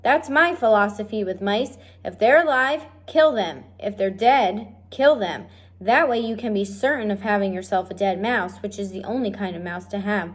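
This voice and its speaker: A woman voicing a bossy, mouse-hating female cook who shouts her orders. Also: mid-range voice, moderate pace, natural voice.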